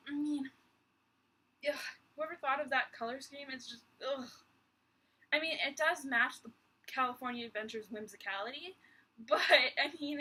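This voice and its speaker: A woman's voice: high-pitched, sharp tone, low-quality recording. A young woman vlogging from her bedroom in a rambling, exasperated chat full of sighs and little laughs. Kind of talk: casual chat.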